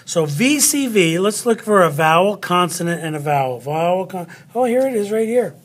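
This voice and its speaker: A man's voice: sits high, expressive, moderate pace. A man teaching a spelling lesson, upbeat and chatty, with playful asides while he cuts and glues cards. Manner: upbeat, talks while cutting and gluing.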